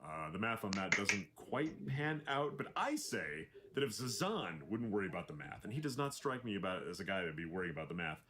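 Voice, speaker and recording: A man's voice: low voice, brisk, few pauses. A man voice actor giving a playful, wry video message with a joking manner. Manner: playful, wry, animated delivery. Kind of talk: casual recorded message.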